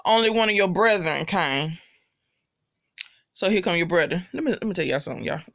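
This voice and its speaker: Woman, TV recap vlogger. Brash, expressive delivery with wide pitch swings, dry room. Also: brisk, gravelly, dry recording, lo-fi sound. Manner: loud, slangy, profanity-laced, animated gushing. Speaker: TV episode recapper. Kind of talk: casual spoken recap.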